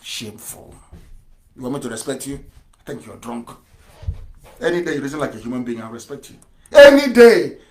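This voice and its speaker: A man giving an impassioned political radio broadcast, fiery and sarcastic, firing rhetorical questions and breaking into shouts. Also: high-pitched.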